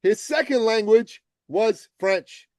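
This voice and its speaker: A man from Iran, a podcast guest, telling success stories with animated, emphatic delivery. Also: high voice, takes it slowly, no room sound. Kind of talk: energetic storytelling interview answers.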